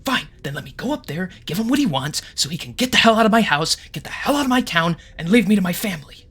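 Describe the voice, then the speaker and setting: A man voicing a middle-aged male town mayor who whisper-shouts in exasperation, desperate to protect his family. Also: on the high side, fast talker, vocal fry, husky, heavily acted. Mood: angry whisper.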